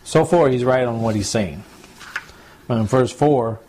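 A man preaching a sermon as a pastor, reading scripture slowly and then paraphrasing it with rising emphasis and repetition. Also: mid-range voice, dark tone, breathy edge. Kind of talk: sermon, Bible teaching.

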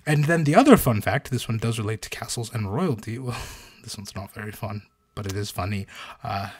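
A man co-hosting a casual podcast, telling fun facts in a storytelling way with animated bursts at the punchlines. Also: fairly low pitch, fairly quick, slightly rough. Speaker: podcast co-host.

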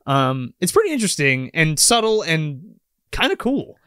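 A man's voice: on the high side, normal speed, clear, resonant tone, dry recording, studio quality. A man co-hosting a movie podcast, casually recapping a film in a profane, rambling way. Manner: profane, rambling, animated retelling. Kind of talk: casual chat.

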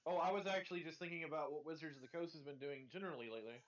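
A man's voice: fairly high pitch, rapid-fire, muffled recording. A man playing a game with friends, explaining rules and strategy with frequent restarts over voice chat. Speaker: player in a group game. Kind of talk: casual gaming chat.

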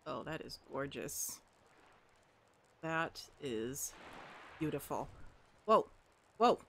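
A woman commentating as she plays a video game, talking to the objects on screen and swinging between mopey asides and excited outbursts. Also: mid-range voice, takes it slowly, pauses often, a little hiss or hum. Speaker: gamer. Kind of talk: let's play commentary.

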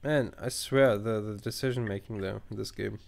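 A man's voice: lowish voice, fairly even intonation, moderate pace, creaky. A man giving casual commentary while playing a game at home, reading choices aloud, musing over them and swearing often. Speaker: let's player.

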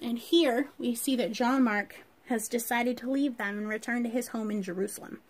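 A woman teacher telling a Bible story to children, with animated storytelling and rhetorical questions. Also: fairly high pitch, normal speed.

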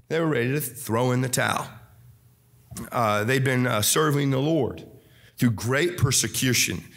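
A young man preaching a sermon as pastor, fervent and repetitive, swinging between shouts and quiet drops. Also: medium pitch, breathy edge. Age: young adult.

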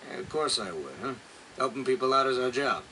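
A gruff, dismissive police officer in a game cutscene, mid-pitched and offhand. He talks in a rough, casual way, brushing things off, over noisy game audio. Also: expressive, fairly quick, pushed and bright. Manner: casual, dismissive, rough working-class speech. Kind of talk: dubbed video game cutscene.

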